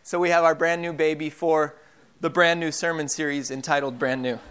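A man's voice: fairly high pitch, steady tone, a little fast, a bit bright. A young man preaching a sermon as pastor, telling family stories in a casual way with many fillers. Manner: casual storytelling with frequent fillers.

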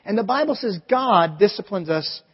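A man's voice: high-pitched, animated, normal speed, breathy edge. A middle-aged man, a pastor, preaching a sermon in a conversational, storytelling way with acted-out asides, recorded in a church sanctuary. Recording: echoey church hall, dull lo-fi audio.

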